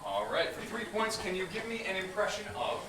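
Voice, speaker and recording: A man runs a live game show with brisk, animated energy, his voice riding high and swooping. He is picked up from a distance in an echoey room. A heavy wash of noise sits behind him. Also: crowd noise. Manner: brisk, animated, often laughing. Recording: roomy hall from far off, loud noise.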